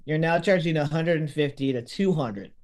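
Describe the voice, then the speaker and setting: A man telling a story in lively podcast chat, acting out what others said. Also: on the high side, moderate pace. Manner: lively, acts out quotes of others.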